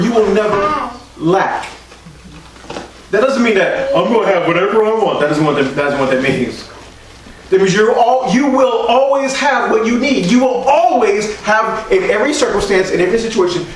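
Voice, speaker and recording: A man preaching a sermon as pastor, leading the congregation in call-and-response and rising at times to shouts. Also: sits high, heavy reverb, far from the mic, a little hiss or hum, low-quality recording.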